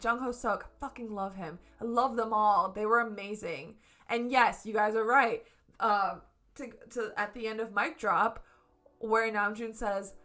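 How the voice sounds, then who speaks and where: Bright gushing woman streamer. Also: on the high side, a little slow, faint music behind. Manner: gushing, emphatic, swears freely. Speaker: streamer reviewing a concert. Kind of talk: casual excited review chat. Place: at home. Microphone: camera setup at home.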